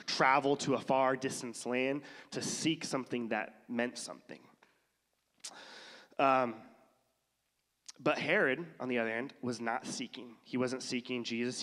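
A man preaching in a relaxed, conversational way, often slipping into voices to act out people's thoughts. He has a lingering cough, and his voice rings with a long reverb in a large hall. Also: mid-range voice. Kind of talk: casual sermon.

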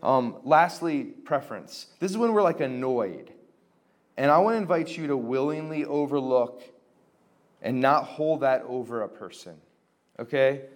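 In a mid-range, expressive voice at a slightly slow pace, a young man teaches a group casually on reconciling relationships. He is chatty and uses plenty of fillers, acting out the exchanges he quotes, as a Christian formation teacher.

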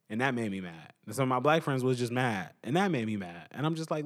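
A young man hosting a podcast, giving an animated casual opinion monologue and repeating his points for emphasis. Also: mid-range voice, quick pace, hardly any pauses. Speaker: podcast host.

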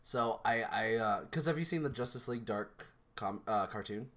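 Rambling, animated young man on a podcast. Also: on the low side, moderate pace. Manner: animated, rambling, many restarts and fillers. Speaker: podcast co-host. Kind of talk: casual chat.

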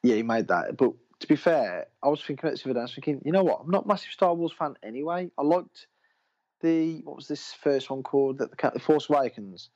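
A man's voice: medium pitch, animated, fast, darkish tone. A man co-hosting a casual film podcast, talking in an enthusiastic, rambling way and often cutting himself off. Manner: rambling, enthusiastic, self-interrupting. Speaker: podcast co-host. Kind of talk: casual chat. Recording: dull lo-fi recording.

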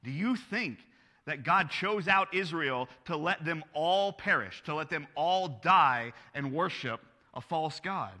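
A man's voice: a little high, expressive, unhurried, pushed and bright, long reverb tail. A man preaching a sermon as pastor, earnest and conversational, asking his listeners rhetorical questions.

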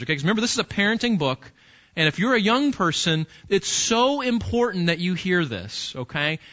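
A male pastor preaching an animated sermon and talking straight to his listeners. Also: on the high side. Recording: dull lo-fi recording.

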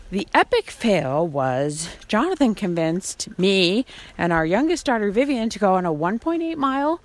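A woman hosting a podcast, chatting playfully and teasingly while out on a hike outdoors. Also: mid-range voice. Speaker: podcast host. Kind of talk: casual chat recorded on a hike. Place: outdoors on a trail.

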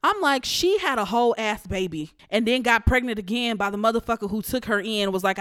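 Brief: young solo podcaster, blunt and profane, smooth dry close sound. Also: medium pitch, expressive, normal speed, fairly bright tone, no echo. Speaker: podcast host.

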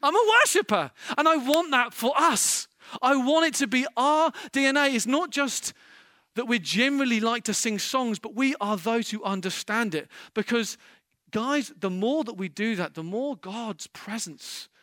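A male pastor delivers an impassioned sermon. His voice sits high and rings bright, climbing to emphatic peaks. The sound is dry and close, with no room around it. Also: unhurried, no room sound.

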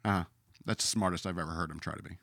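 A man's voice: deep voice, very fast, creaky, fairly bright tone, no echo, clean studio sound. A man ranting in a sarcastic, emphatic way as a podcast host, now and then reading out his own comments in a mocking voice.

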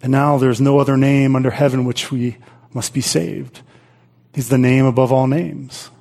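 Male pastor, husky tone, earnest sermon delivery with scripture reading. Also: medium pitch, fairly even intonation, normal speed, darkish tone. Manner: earnest preaching, reads scripture aloud with repeats and restarts.

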